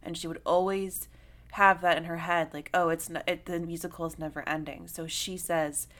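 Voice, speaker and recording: A young woman co-hosting a casual film discussion, animated and swearing, full of "like" fillers. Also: fairly low pitch, moderate pace. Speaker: podcast co-host.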